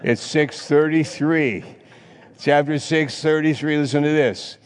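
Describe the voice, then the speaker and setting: A man preaching a sermon in a church, emphatic, with sudden loud rises and repeated phrases. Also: fairly high pitch, a little slow, big-room sound. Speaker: pastor.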